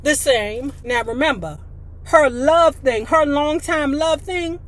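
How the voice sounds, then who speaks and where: A woman's voice: high-pitched, slow, a bit bright. A woman reading a memoir aloud, breaking in with chatty, blunt asides and mild cursing. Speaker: storyteller.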